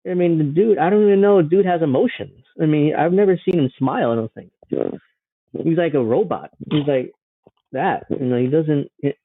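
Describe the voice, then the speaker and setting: A man's voice: a little high, normal speed, dry recording. Sarcastic man with a tinny, dry sound. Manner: sarcastic, mocking, swears freely. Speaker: political commentator reacting to a news clip. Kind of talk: casual reaction commentary. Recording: dry, phone-like narrow sound.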